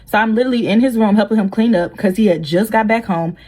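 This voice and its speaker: Husky young woman telling a story. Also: mid-range voice, fast talker. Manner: animated, blunt, acts out quotes. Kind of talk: casual storytelling.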